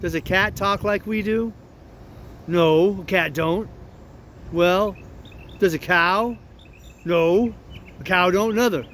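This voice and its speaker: A clever young runaway boy, as a man reads him in an audiobook, explaining things patiently in plain, rustic dialect. The voice is fairly high and unhurried. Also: a bit bright, a little hiss or hum.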